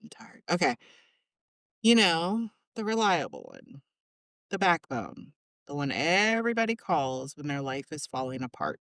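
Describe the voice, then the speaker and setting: A woman's voice: deep voice, sing-song, unhurried, fairly bright tone, no echo. A woman hosting a podcast, chatting casually and laughing often. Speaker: podcast host.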